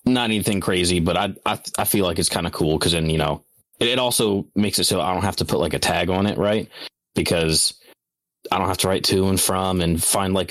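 A man's voice: sits low, fairly bright tone, dry recording. A young man chatting casually on a podcast, rambling through funny family stories with frequent swearing and laughter. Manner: rambling, swearing storyteller who laughs a lot. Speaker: podcast co-host. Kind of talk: casual chat.

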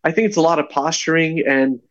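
A man, a podcast guest, chatting casually and telling stories with lively acted-out voices. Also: on the high side, a little fast, lo-fi sound. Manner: animated storyteller, acts out voices. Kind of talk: casual chat.

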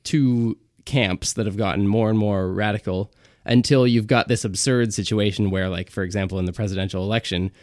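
A lowish male voice rambles through casual podcast chat, full of "like" and "you know" and restarting his sentences. The sound is close and dry. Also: steady tone, brisk, hardly any pauses, a little mellow, no echo. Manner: rambling, with many fillers and restarts. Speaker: podcast co-host. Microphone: close podcast mic.

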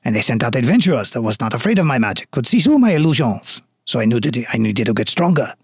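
A man's voice: medium pitch, big pitch swings, quick pace, slightly rough, no room sound, studio quality. A man voicing a vengeful male vintner turned goop monster, with a fake French accent in a theatrical villain monologue.

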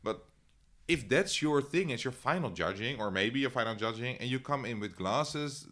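A young man co-hosting a podcast in casual chat, animated and quick to laugh, often acting out quotes. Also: medium pitch. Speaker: podcast co-host.

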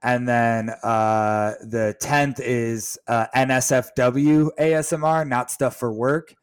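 A man's voice: mid-range voice, fairly even intonation, slow pace, clear, resonant tone. A man co-hosting a casual chat show, joking and teasing as he keeps pressing his point. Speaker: podcast co-host.

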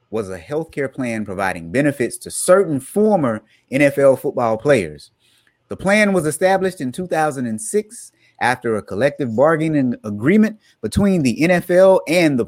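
A podcast co-host with a mid-range, slightly mellow voice casually explains a news story to listeners, laughing now and then. The audio is dry with no echo but poor in quality.

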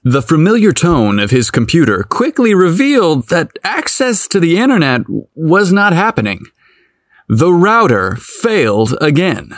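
A man narrating a story aloud in a playful, expressive manner. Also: a little high, measured pace, no room sound, clean studio sound. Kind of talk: audiobook narration.

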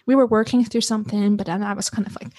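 Animated, restarting woman storyteller, dry sound. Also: mid-range voice, quick pace, no room sound. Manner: animated storyteller who restarts and repeats words. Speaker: podcast guest. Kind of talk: casual chat.

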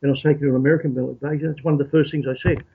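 A man from Australia telling his story as an interview guest, halting and repeating words as he thinks. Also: on the high side, little pitch movement, vocal fry, breathy edge. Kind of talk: reflective storytelling. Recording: tinny phone-like call audio.

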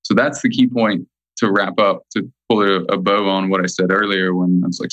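A man speaking as a nutrition guest in a casual interview, emphatic and slowing down to stress key points. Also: deep voice, flat delivery, a bit bright, no echo, poor audio.

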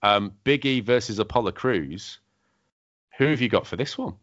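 A man's voice: lowish voice, lively intonation, moderate pace, fairly bright tone, dry recording. A man co-hosting a podcast, leading the chat with many hesitant ums. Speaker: podcast co-host. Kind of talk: casual chat. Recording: dry, dull lo-fi sound.

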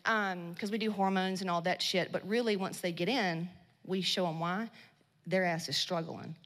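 In an echoing hall with long reverb, a woman with a lowish, steady voice and moderate pace gives a profane motivational talk to a live audience at a women's business event. She's blunt, slangy, swears and goes loud in bursts.

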